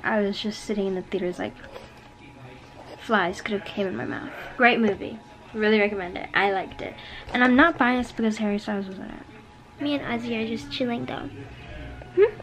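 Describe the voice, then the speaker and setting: A woman's voice: fairly high pitch, rough recording. A woman in her twenties chatting casually to the camera in a vlog, giggly and self-deprecating. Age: 20s. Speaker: vlogger.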